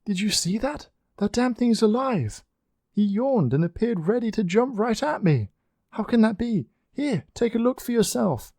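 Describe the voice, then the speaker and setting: A man voicing a frightened young woman in a storybook reading, her voice pushed high and shrill. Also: sing-song, moderate pace, darkish tone, dry recording, clean studio sound, heavily acted. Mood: terrified.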